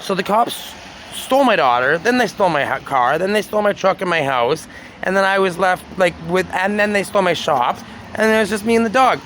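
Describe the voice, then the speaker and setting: Casting: a man with a slightly high voice, telling his story on a night street, profane and aggrieved, faint traffic behind. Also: expressive, a little fast, a bit bright. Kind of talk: rambling casual storytelling. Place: outdoors on a city street at night.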